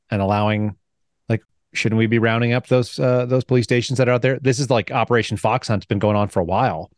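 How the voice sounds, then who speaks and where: A man hosting an interview, telling anecdotes in a brisk, conversational way. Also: lowish voice, darkish tone, dry recording. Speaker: podcast host. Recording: dry close mic.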